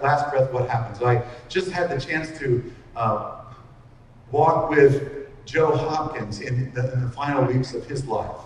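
A middle-aged man preaching an expository sermon, earnest and slowing down to stress key lines. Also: a little high, slight background noise. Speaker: pastor. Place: large hall with long reverb. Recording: echoey hall from far off.

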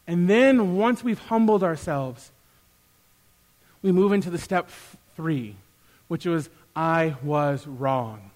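A man with a high, light voice preaches a sermon to his church. He speaks in an animated way, acting out little back-and-forth exchanges and getting louder as he does. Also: slow pace, long pauses. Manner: animated, acts out quoted exchanges with rising loudness. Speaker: pastor; youth worker.

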